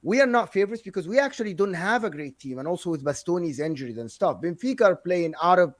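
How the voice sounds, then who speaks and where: A man's voice: high-pitched, lively intonation, fast talker. A man on a football panel, arguing his club's case in a combative, indignant way. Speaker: panelist, Inter fan. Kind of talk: heated football panel debate.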